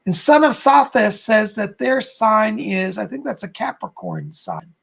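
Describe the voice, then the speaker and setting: Brief: male psychic live-streamer, gravelly, chatty and upbeat, drifts off topic. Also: high voice, huge pitch swings, fairly bright tone. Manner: chatty and encouraging, speeds up and slows down; laughs at himself, easily sidetracked. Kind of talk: live-stream forecast, reading viewer comments aloud.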